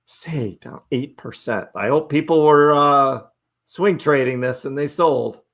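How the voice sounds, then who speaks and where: A man's voice: on the high side, unhurried, fairly bright tone. A middle-aged man hosting a casual live stream, chatting loosely with his viewers, reading their messages aloud and laughing often. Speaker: livestream host.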